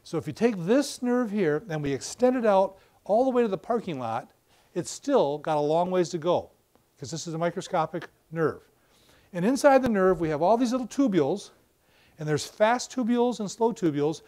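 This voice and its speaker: An older man giving a professional lecture on a wireless mic, explaining with animated stories and acted-out examples. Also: sits high. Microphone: battery-powered wireless mic.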